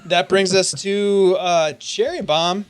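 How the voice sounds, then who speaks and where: A man narrating and running a tabletop game as game master, with lively, theatrical delivery. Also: high-pitched, slow, clean tone.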